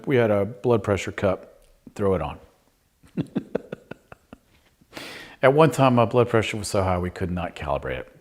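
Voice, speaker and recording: A man's voice: fairly low pitch, a little mellow. A middle-aged man, a pastor, giving a humorous storytelling sermon full of self-mocking, chatty anecdotes.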